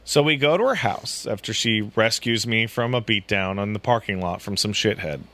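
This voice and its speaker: A man co-hosting a podcast, retelling a video game story in casual chat, profane and quick to laugh. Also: on the low side. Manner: animated, profane, breaks into laughter and mock voices. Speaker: podcast co-host.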